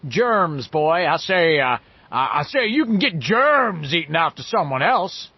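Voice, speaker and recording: A man doing a boy's booming Southern drawl. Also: big pitch swings, a little slow, breathy edge, no room sound, lo-fi sound, heavily acted. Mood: mock-grand drawl. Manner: grandly rolling drawl with stammering "I say". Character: boy doing a booming Southern gentleman cartoon voice.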